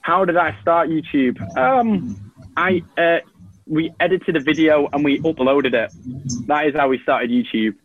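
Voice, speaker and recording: A man's voice: on the high side, a little slow, no room sound, dull audio. A man with a Manchester accent, a guest on a talk show, telling stories casually with a rambling, filler-heavy delivery. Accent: Mancunian English. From Manchester, England. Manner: laid-back, rambling, lots of ums and repeated restarts. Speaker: guest, YouTuber. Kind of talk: casual conversational storytelling.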